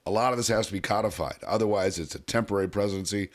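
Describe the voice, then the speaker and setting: A man's voice: lowish voice, steady tone, rapid-fire. A middle-aged man hosting a talk radio show, chatting casually and giving his opinions.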